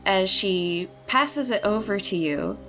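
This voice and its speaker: A woman narrating and running a tabletop role-playing game in a relaxed, chatty way. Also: mid-range voice, slow pace, soft background music. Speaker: game master.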